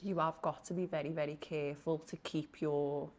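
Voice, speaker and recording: A woman's voice: sits low, moderate pace. Chatty woman telling stories. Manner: chatty, animated retelling with lots of "you know what I mean". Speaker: guest psychic. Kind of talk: casual interview storytelling.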